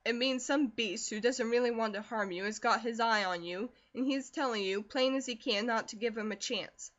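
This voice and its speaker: A woman's voice: a little high, normal speed, fairly bright tone, dull audio, lightly acted. A woman doing a firm, protective country uncle. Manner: firm, reassuring, emphatic.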